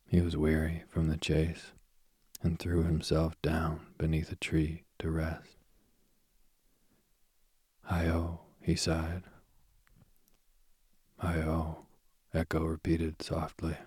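A man reading an old myth aloud, soft and husky, often dropping to a whisper. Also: extremely low pitch, monotone, a little slow, no room sound, clean studio sound. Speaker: storyteller.

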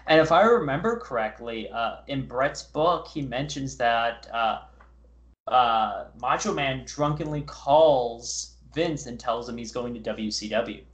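A man with a mid-pitched voice chats casually on a podcast and recalls details carefully. His speech is plain and conversational. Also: expressive, a little slow, dull audio. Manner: recalls details, quotes people. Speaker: podcast co-host. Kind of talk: casual chat.

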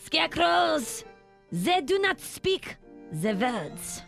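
A woman's voice: extremely high pitch, normal speed, gravelly, soft background music, pitched above the performer's own voice. A woman putting on an exaggerated French accent on English words for a film scene. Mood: theatrical.

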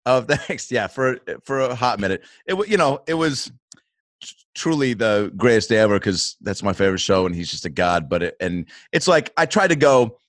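A man hosting a casual podcast who reacts quickly and slips into playful bits. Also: medium pitch, expressive, dry recording.

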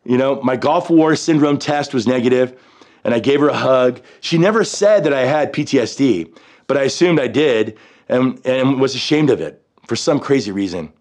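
A military veteran in his fifties telling his own story in a halting, reflective way, often pausing on "you know" and restarting his sentences. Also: medium pitch, animated, darkish tone. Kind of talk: personal storytelling.

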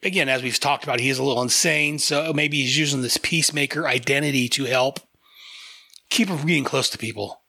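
Bright-voiced man rambling about comics. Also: mid-range voice, a little fast, vocal fry, dry recording, clean studio sound. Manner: rambling, enthusiastic, with frequent fillers. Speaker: podcast host reviewing comics. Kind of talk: casual review chat.

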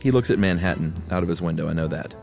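A man co-hosting a podcast, reading listener mail aloud in a relaxed, casual way with easy laughs. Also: low-pitched, fast talker, vocal fry, soft background music. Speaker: podcast co-host.

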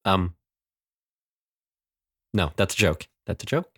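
A man tabletop player cracks morbid jokes in casual banter. His pitch moves a lot. The recording is dry. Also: animated, slow, fairly bright tone, breathy edge, no echo. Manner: joking, self-deprecating.

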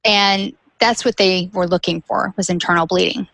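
A woman's voice: mid-range voice, steady tone, normal speed, vocal fry, fairly bright tone, no room sound, rough recording. A woman guest telling a personal caregiving story, candid, with light laughs between serious points.

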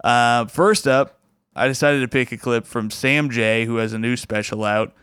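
Man, podcast host, casual chat, rambling, smooth resonant voice, dry sound. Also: mid-range voice, steady tone, normal speed, fairly bright tone, no room sound. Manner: chatty and rambling, with restarts.

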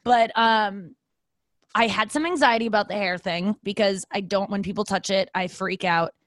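In a candid, casual monologue at home, a young woman vlogger meanders through self-deprecating thoughts and joking asides. Her medium-pitched voice is a bit bright at normal speed, on a dry recording.

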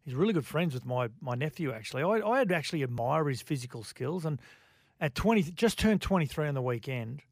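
A man's voice: on the high side, animated, brisk, no echo, studio quality. A man co-hosting sports radio, giving opinions as he thinks aloud. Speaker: radio co-host and commentator. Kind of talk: casual sports radio chat.

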